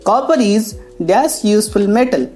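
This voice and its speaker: A woman teaching English grammar, talking slowly and explaining each step with pauses. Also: medium pitch, lively intonation, a little mellow. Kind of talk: classroom lesson narration. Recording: faint background music.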